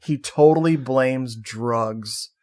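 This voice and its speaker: A man co-hosting a podcast over a video call, recapping a film in a relaxed, laughing way and slipping into quick quoted voices. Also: mid-range voice. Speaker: podcast co-host. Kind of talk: casual movie recap chat.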